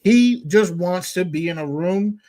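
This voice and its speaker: Easygoing male co-host, a bit high. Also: unhurried. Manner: relaxed, laughs easily, hedges with fillers. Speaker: podcast co-host. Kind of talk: casual sports talk.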